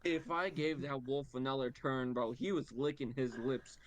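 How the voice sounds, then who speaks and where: A man's voice: medium pitch, fairly even intonation, moderate pace. A man playing a tabletop game over a voice call, playfully bantering with the other players. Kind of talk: casual chat.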